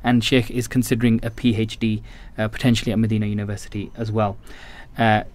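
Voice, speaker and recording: A man's voice: on the low side, little pitch movement, fast talker. Hesitant British-raised male podcast host. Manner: hesitant, many fillers and restarts. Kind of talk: podcast interview introduction. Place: Birmingham.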